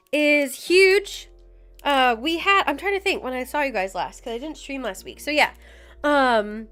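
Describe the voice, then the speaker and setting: Young woman streamer, high lively voice, unhurried chatty delivery, faint music underneath. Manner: chatty, giggly, reads out viewer names. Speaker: livestream host. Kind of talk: casual chat with viewers. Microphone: desk mic with headphones.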